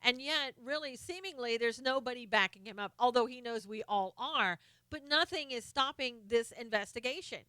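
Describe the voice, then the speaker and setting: Woman, live-stream host, impassioned commentary, slightly high pitch, dry sound. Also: normal speed, few pauses, sharp tone, clear, resonant tone, dry recording. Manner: impassioned, greets viewers by name.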